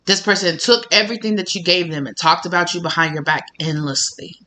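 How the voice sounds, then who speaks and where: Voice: mid-range voice, fairly quick, bright, forceful tone. A tarot reader giving a casual reading to camera, blunt and sassy, swearing freely and laughing often.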